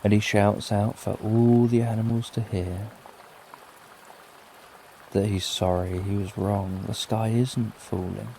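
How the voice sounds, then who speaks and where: A middle-aged British man telling a soothing bedtime story in a gentle, lulling way. His voice sits low, dark and mellow, with a gravelly edge. Soft rain falls faintly behind him. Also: flat delivery, slow, long pauses, a little hiss or hum. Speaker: sleep story narrator.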